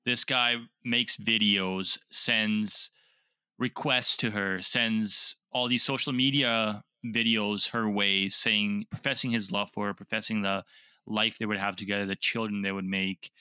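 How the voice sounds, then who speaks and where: A man's voice: on the low side, measured pace, clear, resonant tone, no echo. A man co-hosting a casual podcast chat, telling a story and acting out the quotes as he goes. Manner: storytelling, animated retelling with quoted voices. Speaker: podcast co-host.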